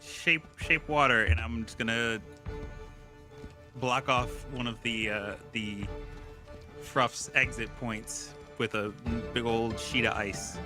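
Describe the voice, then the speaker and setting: A man's voice: mid-range voice, fairly even intonation, over music. Casual man playing a tabletop game. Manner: brief, casual, halting. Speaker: player.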